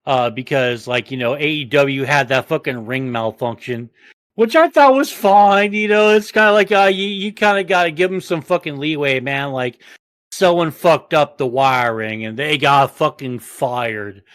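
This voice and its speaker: A man hosting a podcast in casual chat, swearing constantly and rambling in an animated way. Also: on the high side, moderate pace, no room sound. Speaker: podcast host.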